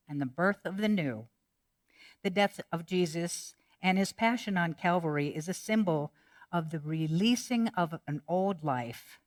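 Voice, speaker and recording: A woman pastor preaching a sermon in a lowish, unhurried voice. She speaks in measured, reflective phrases. She slips easily into playful joke-telling.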